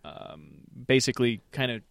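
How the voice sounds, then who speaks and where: A man co-hosting a podcast, speaking hesitantly and stumbling over his words with plenty of fillers. The sound is dry and close, at an ordinary pitch. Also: lively intonation, moderate pace, gravelly, no echo. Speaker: podcast co-host. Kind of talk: casual chat.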